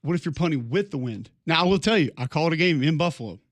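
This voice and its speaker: Man, sports radio co-host, somewhat high voice, bantering, jokey persona, keeps saying mate, dry close studio sound. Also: lively intonation, quick pace, no room sound. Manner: joking, plays an Australian punter calling everyone "mate". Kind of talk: casual sports talk.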